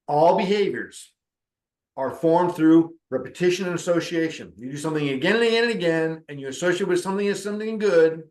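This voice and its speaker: A man's voice: fairly high pitch, darkish tone, roomy sound. A middle-aged man, a spiritual teacher and counselor, telling a story in a conversational way and acting out the dialogue. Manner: conversational, acts out quoted dialogue. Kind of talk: storytelling talk on spiritual practice.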